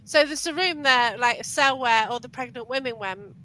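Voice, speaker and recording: A woman's voice: on the high side, normal speed, pushed and bright, no echo, low-quality recording. A woman in a casual paranormal chat, recounting an investigation and reacting with short exclamations.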